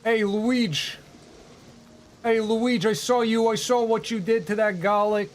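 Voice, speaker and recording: A brash, crude little plumber, done by a man with a high, pushy voice. He taunts and rambles in an improvised comedy bit. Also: steady tone, a little slow. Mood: taunting.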